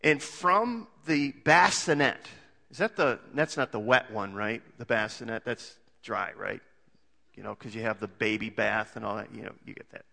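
A man's voice: fairly low pitch, normal speed, vocal fry, bright, forceful tone, long reverb tail. A male pastor preaching a sermon in a conversational way, full of rhetorical questions and homely jokes.

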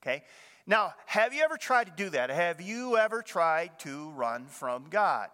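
A man's voice: sits high, big pitch swings, measured pace, bright, forceful tone, clean tone. An older man preaching a sermon as a pastor, talking conversationally and asking the congregation questions. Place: church. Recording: reverberant church sanctuary.

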